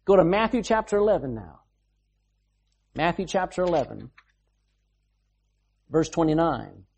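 A man's voice: on the high side, big pitch swings, measured pace, vocal fry, darkish tone, breathy edge. A man preaching a sermon as pastor, emphatic, reading scripture aloud and explaining it.

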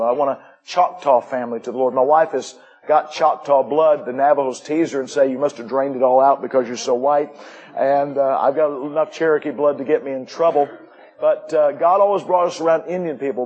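A man's voice: mid-range voice, darkish tone, slightly rough, muffled recording. A middle-aged man giving a missionary report to a church, folksy, with joking asides. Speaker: missionary preacher.

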